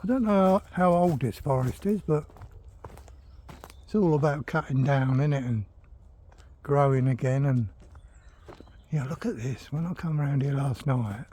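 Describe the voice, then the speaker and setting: A man's voice: mid-range voice, measured pace, long pauses, dark tone, husky. An older retired man, chatting casually while he walks through a forest and talks to his dog. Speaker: vlogger. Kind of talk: casual walking vlog. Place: forest, outdoors.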